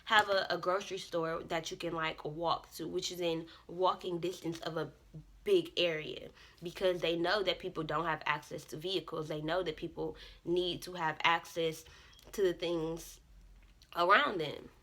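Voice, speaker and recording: A young woman vlogger telling a casual storytime, animated and profane, often jumping into loud quoted self-talk. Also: on the low side, moderate pace.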